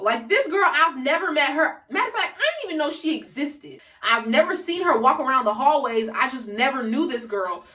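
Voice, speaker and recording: A late-teen woman vlogger with a high, pushed, bright voice chats through a storytime for her viewers, full of slang. She's recorded on a phone camera from a distance in an echoey room.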